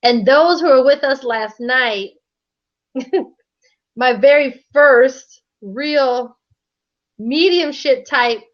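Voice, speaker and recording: Female live-stream co-host, high voice, casual storyteller, dull lo-fi sound. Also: very slow, long pauses. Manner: animated storytelling, laughs often, casual slang.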